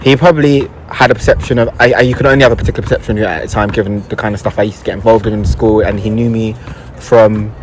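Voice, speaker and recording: A man's voice: fairly low pitch, fairly even intonation, racing, slight background noise. A young adult man, a guest telling a personal story in a casual, reflective and hesitant way, often searching for words.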